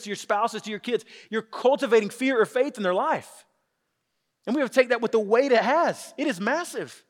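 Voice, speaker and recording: Fast-talking animated pastor in echoing hall. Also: male voice, high-pitched. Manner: animated, acts out quotes with voice shifts. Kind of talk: sermon. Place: church sanctuary with congregation. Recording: long hall reverb.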